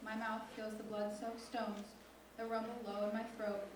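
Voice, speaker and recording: A woman's voice: mid-range voice, completely flat delivery, noisy background. Teen girl reciting poetry in a hall. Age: teens. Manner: slow, deliberate, intense recitation. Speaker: student poet. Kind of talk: spoken word poetry reading. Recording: echoey hall from far off.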